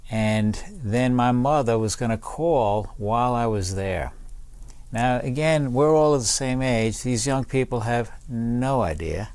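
A man's voice: medium pitch, darkish tone, dry recording. A man in his seventies, a Vietnam veteran and public speaker, earnestly telling a personal story in an interview and repeating key phrases for emphasis.

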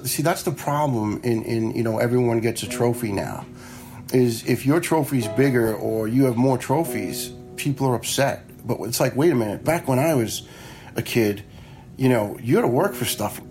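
Speaking over music at medium pitch and normal speed, a man from the New York area, a retired fire lieutenant, shares personal stories in a blunt, frank, casual way, cursing freely and performing the dialogue he quotes.

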